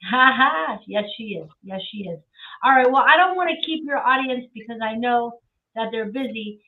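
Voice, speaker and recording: A woman speaking as a guest on a talk show, effusive and repeating phrases for emphasis, over a remote call. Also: fairly high pitch. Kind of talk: casual talk-show conversation. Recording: tinny remote call from far off.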